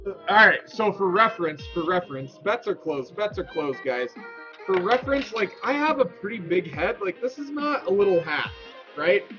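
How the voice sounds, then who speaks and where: A man in his thirties telling a story to his Twitch chat, rambling and excitable with lots of restarts. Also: sits high, normal speed, muffled recording, soft background music. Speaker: Twitch streamer. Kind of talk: casual storytelling to stream chat.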